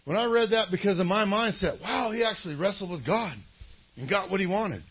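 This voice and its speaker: Husky-voiced man preaching a sermon. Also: sits high, animated, brisk, muffled recording. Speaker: pastor.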